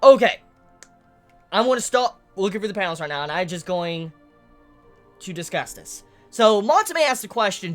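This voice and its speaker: A woman reviewing a manga chapter in casual commentary, excitable and swearing a lot, with faint music behind. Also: mid-range voice, moderate pace, pauses often. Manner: excitable, swears a lot, rising to loud outbursts.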